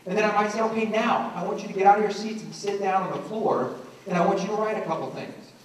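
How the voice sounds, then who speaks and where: A man's voice: sits high, quick pace, a little hiss or hum. A middle-aged man giving a motivational talk to teachers, acting out voices as he tells stories. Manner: animated storyteller acting out voices. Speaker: education speaker. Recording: echoey room from a distance.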